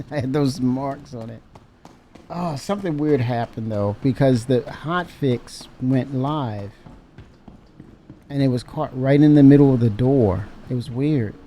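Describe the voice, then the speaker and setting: A man's voice: mid-range voice, unhurried, dark tone, a little hiss or hum. A man streaming a game live, muttering to himself in casual commentary, laughing and mock raging.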